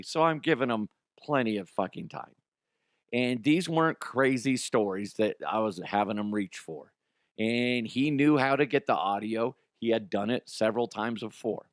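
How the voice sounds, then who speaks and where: Male host for a casual show: swears freely, blunt storyteller, mid pitch, dry close sound. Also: clean tone, no echo. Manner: blunt, profane, animated. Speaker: show host, former radio producer.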